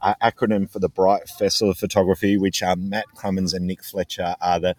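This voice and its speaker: A joking man chatting casually on a podcast. His voice sits on the low side and sounds dry and close, with no room around it. He speaks outdoors into a laptop mic, with wind near the water. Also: level tone, a little mellow, no room sound. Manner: teasing, joking, quick to laugh. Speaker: podcast co-host and photography instructor.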